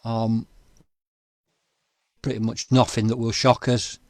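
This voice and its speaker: A man interviewing a guest, speaking haltingly with many restarts. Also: mid-range voice, little pitch movement, no echo, studio quality. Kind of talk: conversational interview.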